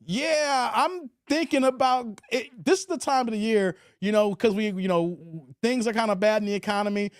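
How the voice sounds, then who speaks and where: A man from hosts a casual live stream. He answers chat messages in a relaxed drawl, and his voice sits rather high. The sound is close and dry, with no room echo. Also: moderate pace, hardly any pauses. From Chicago. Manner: laid-back, drawling, trails off quietly at phrase ends. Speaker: livestream host reading chat.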